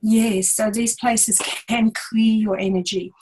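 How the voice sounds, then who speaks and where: A woman, co-hosting a casual spiritual chat and telling stories in an animated way, laughing often. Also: on the high side, slow pace, a little hiss or hum, rough recording. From Australia. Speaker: co-host.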